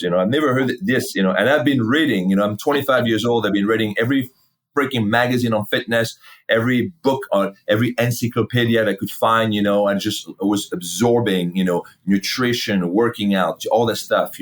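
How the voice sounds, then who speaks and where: With a lowish voice and a brisk delivery, a middle-aged fitness company founder shares his story in an informal interview. Animated throughout, he swears a lot and plays out conversations from years ago.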